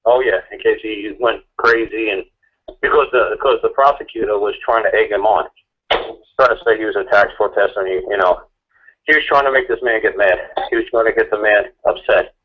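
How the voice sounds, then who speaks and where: A man's voice: on the low side, a little fast. Man, phone-line sound, argumentative, repetitive, mocking rant. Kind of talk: impassioned ranting chat.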